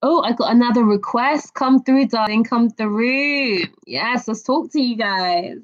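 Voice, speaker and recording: A woman's voice: a little high, a little slow, dull audio. A woman hosting a casual live stream chat, bubbly and affectionate, calling callers darling and laughing often. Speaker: live stream host taking calls.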